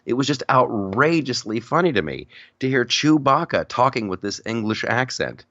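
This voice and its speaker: A man hosting a podcast in casual chat, telling stories in a rambling, animated way with frequent restarts. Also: medium pitch, moderate pace, no room sound, dull audio. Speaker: podcast host.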